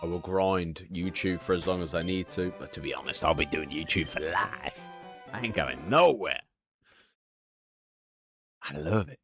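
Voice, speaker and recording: Low-voiced man talking candidly. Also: animated, moderate pace, long pauses, a bit bright, faint music behind. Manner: candid, confiding, swears freely. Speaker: streamer. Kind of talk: casual live-stream chat.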